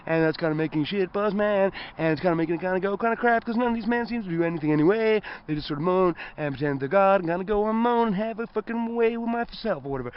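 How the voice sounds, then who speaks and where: High-voiced man, rapid-fire improvised rant, crude and rambling, dull lo-fi sound. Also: smooth. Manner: rambling, profane stream of consciousness. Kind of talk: improvised spoken-word rant.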